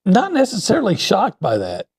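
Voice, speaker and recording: A man speaking as a sports columnist guest, giving measured opinions with pauses and fillers. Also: high voice, huge pitch swings, a little mellow, slightly rough. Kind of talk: casual sports talk.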